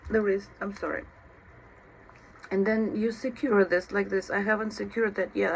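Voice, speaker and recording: A mother giving personal advice on a vlog, talking in a halting, emotional way and often stopping to apologize. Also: medium pitch, gravelly, slight background noise, rough recording. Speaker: mother of an autistic child.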